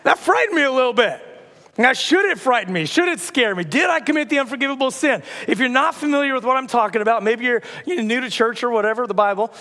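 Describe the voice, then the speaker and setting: A man's voice: very high voice, expressive, quick pace, sharp tone, long reverb tail. A man preaching a sermon in a church, telling stories in a casual, conversational way with humor. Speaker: pastor. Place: church auditorium.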